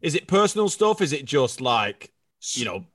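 A man's voice: medium pitch, big pitch swings, normal speed, fairly bright tone, far from the mic. A man co-hosting a podcast, chipping in with questions and jokes in casual chat. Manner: joking interjections. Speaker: podcast co-host.

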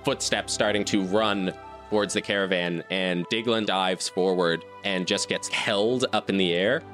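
A man's voice: sits low, fairly even intonation, unhurried, fairly bright tone, faint music behind. A man narrating a tabletop game as game master, describing scenes in a loose, descriptive way with fillers.

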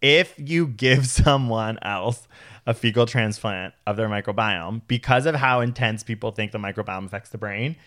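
A man's voice: fairly low pitch, normal speed. Young male co-host, loose and chatty, trails off and restarts a lot. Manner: rambling, filler-heavy, animated asides. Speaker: podcast co-host. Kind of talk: casual chat.

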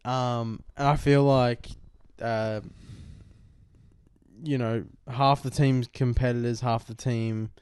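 A young Australian man spins a rambling story in casual podcast chat, swearing freely. His voice comes across smooth and resonant, recorded close with a dry sound. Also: medium pitch, steady tone, takes it slowly, a little mellow, dry recording. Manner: rambling, swears often, acts out quotes. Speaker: podcast co-host. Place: lounge room.

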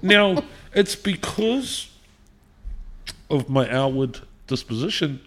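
Animated New Zealand man telling stories. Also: fairly high pitch, slow pace. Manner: animated storyteller, swears freely, laughs often. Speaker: podcast guest, musician. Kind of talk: casual interview storytelling.

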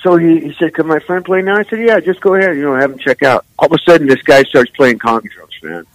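A man's voice: fairly high pitch, fast, dry recording, rough recording. Rambling older man telling stories. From San Francisco. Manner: rambling, animated, many "man" and "you know". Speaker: guest musician. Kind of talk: casual storytelling interview.

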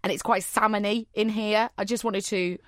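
A woman co-hosting a podcast in casual chat, her voice slightly gravelly and husky, self-mocking and chatty. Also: mid-range voice, steady tone, moderate pace, dry recording, clean studio sound. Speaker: podcast co-host.

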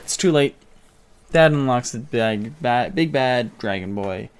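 A man hosting a casual podcast, rambling through a movie recap and dropping into quick voice impressions. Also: medium pitch, lively intonation, smooth. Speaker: podcast host.

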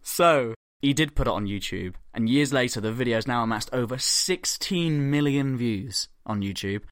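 A man's voice: mid-range voice, lively intonation, normal speed, no room sound, studio quality. A young man hosting a podcast, animatedly telling a comic story full of swearing and acted-out quotes. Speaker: podcast host.

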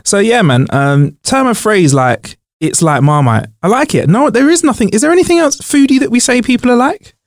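رجل متردد يتحدث بنبرة متقلبة في غرفة جافة. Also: male voice, high-pitched, lively intonation, a little fast, hardly any pauses, no room sound, studio quality. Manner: rambling, hesitant, many fillers. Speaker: podcast co-host. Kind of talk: casual podcast chat.

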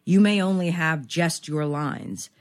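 A woman's voice: deep voice, a little slow. A middle-aged woman actor talking candidly as an interview guest, rambling and self-deprecating with many fillers.

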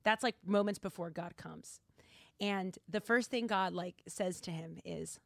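A woman's voice: lowish voice, a little slow, creaky, no room sound. A young woman hosting a podcast, chatty and giggly, filling her talk with "like". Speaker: podcast host. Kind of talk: casual chat.

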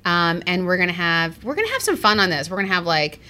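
Bright, chatty woman co-host. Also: fairly low pitch, very animated. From Arizona. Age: adult parent. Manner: quick, chatty and bubbly, with many likes and laughs. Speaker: podcast co-host. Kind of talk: casual chat.

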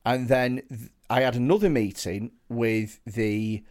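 A man's voice: medium pitch, fairly even intonation, measured pace, darkish tone. A man co-hosting a comedy podcast, telling a rambling story in casual chat with many restarts. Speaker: podcast co-host.

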